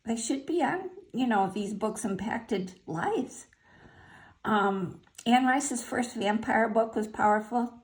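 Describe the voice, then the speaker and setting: Unhurried older woman listing favorite books. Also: medium pitch. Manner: unhurried, listing titles with fillers and asides. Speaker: vlogger sharing favorite books. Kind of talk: casual spoken list.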